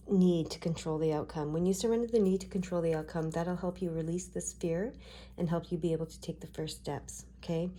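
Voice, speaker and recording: A woman giving a tarot card reading, talking gently and reassuringly with frequent check-ins to her viewers. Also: on the low side, a little hiss or hum. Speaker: tarot reader.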